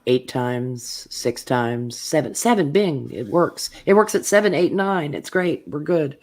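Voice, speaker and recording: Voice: medium pitch, lively intonation, a little slow. A chatty, enthusiastic guest talking about cooking over a video call. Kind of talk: casual chat.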